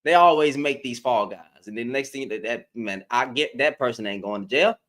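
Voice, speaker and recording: At a moderate pace, a man with a medium-pitched, animated, slightly bright voice hosts a casual livestream. He speaks directly to chat, repeating himself and taunting a lot.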